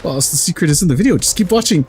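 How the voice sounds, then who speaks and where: A man streaming a video game in casual chat, excitable, swearing freely and laughing often while he yells at the game. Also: a little high, racing, soft background music.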